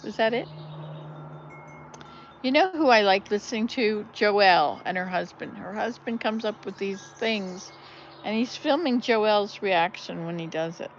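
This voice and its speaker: Older woman vlogger, unhurried chatty grandma, faint outdoor ambience and birds behind. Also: mid-range voice, animated, highs cut off, a little hiss or hum. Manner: chatty, laughs loudly at punchlines. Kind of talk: casual chat telling jokes.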